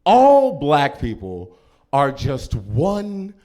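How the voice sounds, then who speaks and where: A male stand-up comic on a club stage, with a high voice that swings all over. He jumps into loud shouted quotes. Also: huge pitch swings, very slow. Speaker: stand-up comedian. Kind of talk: stand-up set. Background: live audience.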